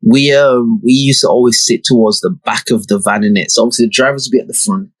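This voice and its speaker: Husky-voiced man telling a story. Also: medium pitch, fairly even intonation, fast, dry recording, rough recording. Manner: laid-back, slangy, swears freely. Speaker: podcast host. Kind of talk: casual storytelling.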